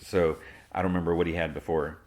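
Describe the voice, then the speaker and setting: A man's voice: deep voice, little pitch movement, fast talker, a little mellow. A man hosting a podcast, recapping an episode in a casual, rambling way with lots of fillers and restarts. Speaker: podcast host.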